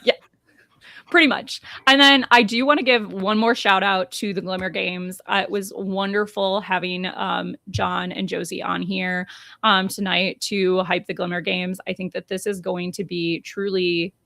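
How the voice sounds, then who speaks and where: Woman, podcast co-host, casual chat, gravelly edge, dry sound. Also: mid-range voice, level tone, moderate pace, bright, forceful tone, no room sound. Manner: chatty, many ums and restarts.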